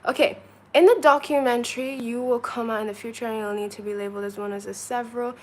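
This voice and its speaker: Her pitch fairly high and her intonation fairly even, a Chinese woman talks quickly in a slightly mellow voice. She's hosting a casual hotel-room livestream, counting aloud, answering chat, and laughing often. The recording quality is low.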